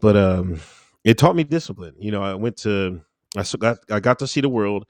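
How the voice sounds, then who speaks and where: A man's voice: expressive, moderate pace, dry recording. Laid-back man telling stories, dry sound. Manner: laid-back, laughs often, acts out quotes with big pitch jumps. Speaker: interview guest, Air Force veteran. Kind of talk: casual conversational storytelling.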